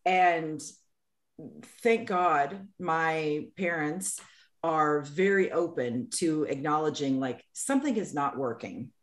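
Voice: medium pitch, slow pace. A young adult podcast co-host speaking earnestly and affirmingly in casual chat, often checking in with "right?".

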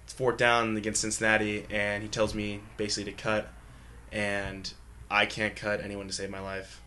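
A young man and pro football lineman telling casual stories, with loose rapid talk, laughter and offhand swearing. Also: lowish voice, completely flat delivery, bright, forceful tone, a little hiss or hum. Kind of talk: casual storytelling.

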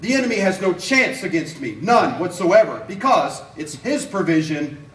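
Male evangelist, slightly high voice, animated storytelling sermon, roomy church sound. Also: moderate pace, recorded from a distance. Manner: animated storytelling with acted-out quotes. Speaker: evangelist preacher. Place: church sanctuary.

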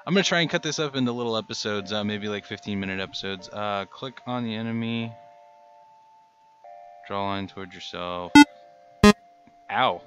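A man's voice: on the low side, moderate pace, pauses often, dull audio. A man host giving casual, rambling, self-mocking commentary while playing a game. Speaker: gaming channel host. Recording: faint game music behind. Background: game music.

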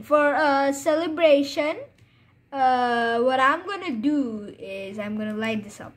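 A woman giving live, chatty gameplay commentary, excitable and full of fillers. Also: high voice, slow. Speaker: gamer.

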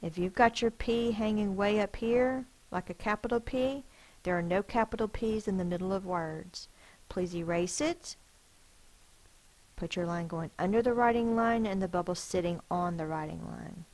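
A woman's voice: medium pitch, moderate pace, a little mellow, low-quality recording. A woman teacher giving a spelling lesson, carefully sounding out each word letter by letter.

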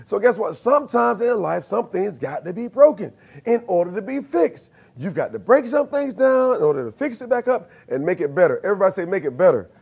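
A man's voice: high voice, very animated, brisk, vocal fry, a little mellow, breathy edge. A man preaching a sermon as minister, using call-and-response and rising to emphatic peaks.

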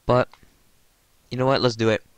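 A man hosting his gaming channel, giving excited gameplay commentary, giddy and stammering, addressing his viewers as guys. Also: medium pitch, normal speed, smooth, dry recording.

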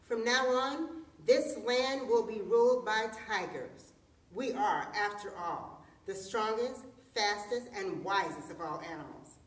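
A woman's voice: mid-range voice, measured pace, lightly acted. A woman voicing a group of huge, arrogant male tigers in a folktale, making domineering proclamations. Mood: boastful. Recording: roomy echo, distant mic.

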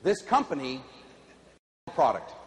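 Middle-aged man, keynote motivational speaker, lively bouncing delivery, faint hall ambience behind. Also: slow pace, slight background noise. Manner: high-energy, animated, audience call-and-response. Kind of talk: keynote speech to a live audience. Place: large conference hall.

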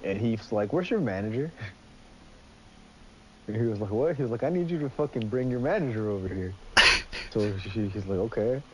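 A man's voice: on the low side, expressive, normal speed, pauses often, muffled recording, background noise. A young man chatting casually while gaming, telling stories with lots of swearing. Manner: swears a lot, storytelling.

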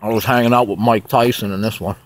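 A man's voice: lowish voice, steady tone, quick pace, noisy background. A man telling a dream in a rambling, profane casual monologue, laughing often.

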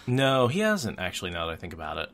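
A man hosting a podcast in casual chat, animated and quick to laugh, often restarting his sentences. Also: sits low. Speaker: podcast host.

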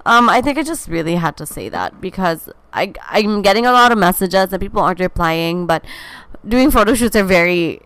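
A woman's voice: medium pitch, expressive, moderate pace, fairly bright tone, clear, resonant tone, no echo. A young woman, hosting a casual podcast from home. She sounds tired and talks in a candid, scattered way with lots of fillers and restarts. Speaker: podcast host. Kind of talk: casual rambling podcast chat.

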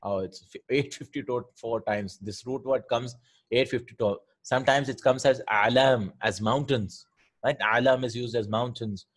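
Husky-voiced man teaching Arabic grammar. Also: mid-range voice, steady tone, normal speed. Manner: explains patiently, often asks "right?", repeats words. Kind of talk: Quranic Arabic grammar lesson.

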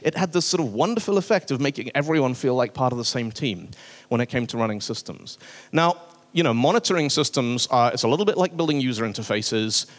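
A man giving a conference talk, his pitch swinging widely as he tells anecdotes. He keeps an animated storyteller's manner, slipping in voices for the people in his stories. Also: quick pace. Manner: animated, acts out dialogue with voices. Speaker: conference speaker. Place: conference stage.

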